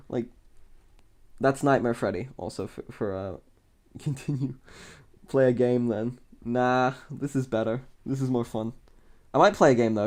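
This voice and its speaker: A man's voice: mid-range voice, darkish tone. A man streaming live, rambling in casual commentary, mocking himself, laughing often and swearing.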